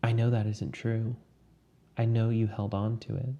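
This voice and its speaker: A man voicing a menacing, entrancing man over a century old, with an English accent and a low, slow, soft way of speaking. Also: level tone, lo-fi sound. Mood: slow, sinister.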